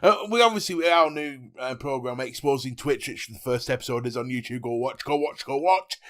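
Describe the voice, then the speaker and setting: A man's voice: medium pitch, a little fast, a bit bright. A man co-hosting a casual gaming podcast, jokey and laughing often. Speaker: podcast co-host.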